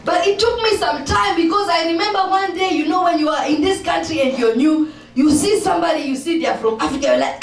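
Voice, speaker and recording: A woman telling comic stories on stage, acting out the people in them and laughing and shouting as she goes. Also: very high-pitched, brisk. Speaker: stand-up comedian and spoken-word poet. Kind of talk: stand-up storytelling with poetry. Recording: echoey room.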